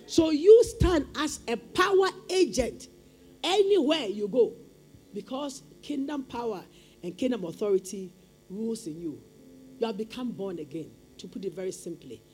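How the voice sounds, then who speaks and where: A woman's voice: a little high, darkish tone, breathy edge. A woman preaching a sermon with emphatic, repetitive call-and-response phrasing.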